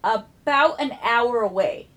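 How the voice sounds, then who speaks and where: A woman with a fairly high voice tells a story in relaxed podcast chat. She acts out every exchange and swears freely as she goes. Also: slow pace. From United States. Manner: animated, profane, acts out dialogue.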